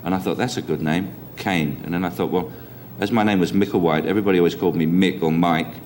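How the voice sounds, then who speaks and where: An older man with a softened Cockney London accent, telling anecdotes in a chatty, repetitive interview style. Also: low voice, steady tone, very fast, slight background noise. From East End of London. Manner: chatty storyteller, chuckles, repeats himself. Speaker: interviewee actor.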